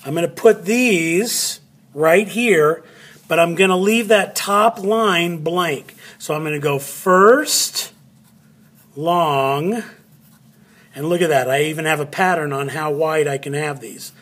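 Slow husky guy teaching phonics, spells words out letter by letter, drifts off mic sometimes. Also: on the high side, a bit bright. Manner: repeats words to stress syllables. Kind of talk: phonics lesson at a board.

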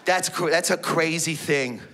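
A man's voice: fairly high pitch, measured pace, a bit bright. A male stand-up comedian in his thirties, telling rambling, self-interrupting stories about his mother into a stage mic. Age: 30s.

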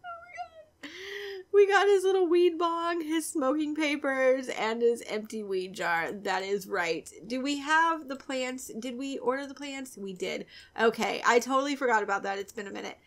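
A chatty young gaming video creator gives casual let's-play commentary at normal speed, her voice a little high and giggly. She often drops into a soft, breathy near-whisper.

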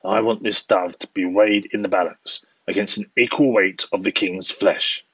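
A fierce, proud eagle , read aloud by a man, speaks with mocking demands in a deep, husky voice. The recording is dry and a little muffled. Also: moderate pace, fairly bright tone, dry recording. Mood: demanding.

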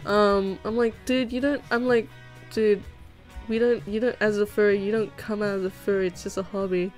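A woman's voice: mid-range voice, fairly even intonation, moderate pace, a little mellow, rough recording. A young woman chatting casually on a livestream while drawing, reading chat aloud, giggling and swearing now and then. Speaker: streamer. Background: background music.

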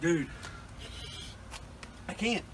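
A young man vlogging a challenge, swearing and exclaiming excitedly. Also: extremely slow. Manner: profane, excitable, loud exclamations. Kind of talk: casual challenge vlog. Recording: noisy background.

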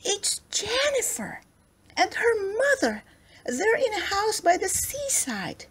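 Teddy bear boy, polite, proper, gentle, woman reading, higher voice. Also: takes it slowly.

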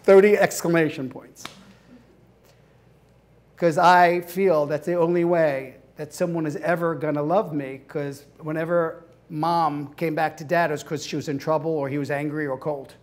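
A man teaching a class in an animated way, acting out scenes and laughing often. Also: fairly high pitch, normal speed. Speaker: hypnotherapy instructor. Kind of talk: lecture with acted-out examples.

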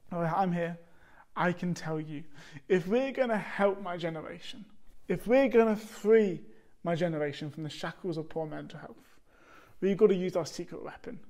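A man's voice: high-pitched, a little mellow. Earnest young man giving a sermon. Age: young adult. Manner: storytelling, earnest, acts out quotes in playful voices. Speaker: youth speaker. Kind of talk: short sermon message.

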